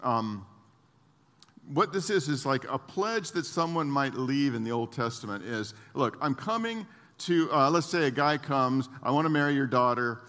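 A man's voice: medium pitch, very animated, unhurried, a bit bright. A man preaching a sermon as pastor, in a conversational way with restarts and acted-out quotes. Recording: long reverb of a large hall.

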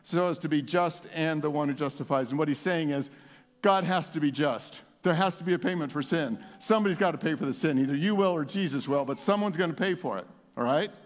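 High-voiced preacher in a reverberant hall. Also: male voice, a little fast. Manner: swings between hushed intimacy and loud exclamation. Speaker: pastor. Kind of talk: Easter sermon. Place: church sanctuary with congregation. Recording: long reverb of a large hall.

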